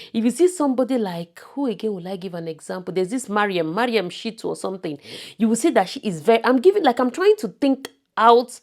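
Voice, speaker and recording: A woman's voice: mid-range voice, a little mellow. A woman from Nigeria with a Nigerian accent, talking casually to camera in a vlog and stressing her points with repetition. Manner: emphatic, repeats words for stress. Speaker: vlogger.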